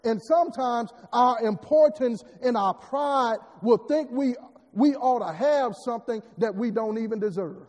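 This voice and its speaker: A man's voice: extremely high pitch, a little slow, darkish tone. A man preaching a sermon, repeating words and building emphatic rising lines. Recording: long hall reverb.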